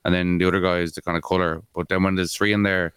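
A man's voice: low-pitched, little pitch movement, fast talker, a crowd in the background. A man co-hosting a podcast in casual sports chat, rambling with lots of fillers and swearing. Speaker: podcast co-host.

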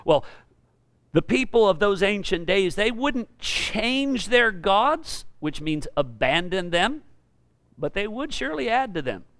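A man's voice: high-pitched, very animated, unhurried, a bit bright, no room sound. A middle-aged male pastor preaching a sermon, often repeating words and restarting sentences. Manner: preaching with frequent word repetitions and restarts.

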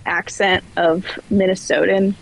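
A woman's voice: mid-range voice, flat delivery, a little slow, vocal fry, poor audio. Chatty laughing woman storyteller. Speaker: guest. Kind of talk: casual podcast chat. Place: where floods hit badly.

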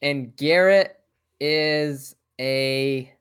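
A man's voice: on the high side, very slow, fairly bright tone, smooth. A man in a casual podcast chat, tossing out short teasing quips.

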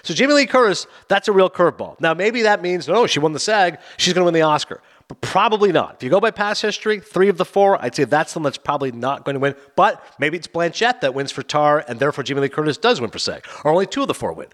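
A middle-aged man hosting a casual entertainment chat, excited and animated, breaking into quoted asides. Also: on the high side. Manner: excited, fast, quoting with acted lines. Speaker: podcast host.

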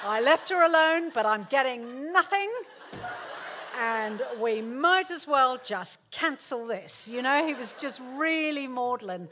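Middle-aged woman, author telling a comic story on stage, animated, slightly high voice. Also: slow, noisy background. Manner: animated, laughing, acts out quotes. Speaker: author giving a talk. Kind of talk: storytelling to a live audience. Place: theatre stage.

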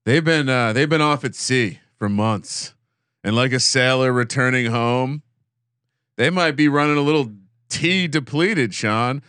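A man's voice: medium pitch, measured pace, fairly bright tone, clean tone, no room sound, studio quality. A man hosting a casual sports betting chat, teasing his co-host as he reads the lines.

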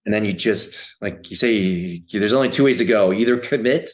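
A man appearing as a podcast guest, chatting casually in a relaxed, rambling way full of restarts. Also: on the low side, a little fast. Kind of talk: casual chat.

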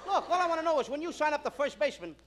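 A flustered man with a very high, reedy voice who keeps pressing the same question with exasperated insistence. It sounds like an old archival comedy recording under heavy hiss. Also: expressive, very fast, crowd noise. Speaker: comedian in a baseball routine. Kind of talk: vintage comedy double act.

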